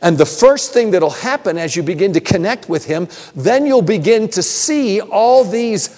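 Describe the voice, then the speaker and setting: A man preaching to a congregation, moving from chatty stories with a bit of self-deprecating humor into teaching. His voice sits fairly high and swings widely in pitch. A long reverb rings out around him in a large church hall. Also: a little mellow. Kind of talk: sermon with storytelling.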